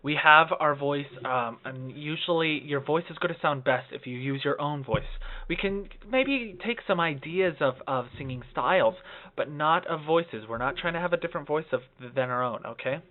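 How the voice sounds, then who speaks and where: A young man teaches a voice lesson, leaping up into head voice and falsetto to show what he means. His speaking voice sits fairly high. The recording is thin and lo-fi, like a phone line. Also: moderate pace. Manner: expressive, swooping into head voice and falsetto, frequent "okay?". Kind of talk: vocal lesson to camera. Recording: tinny phone-like lo-fi audio.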